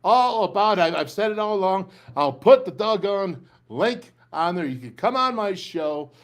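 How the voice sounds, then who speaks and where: Casting: older male sports talk host, slightly high voice, fiery, rambling, rallying delivery. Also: expressive, normal speed. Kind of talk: fired-up sports talk show.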